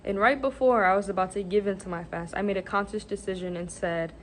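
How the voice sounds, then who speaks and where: Excitable young woman vlogging. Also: mid-range voice, fast, slight background noise. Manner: excitable, gushing, lots of "like" and "literally". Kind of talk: casual faith vlog.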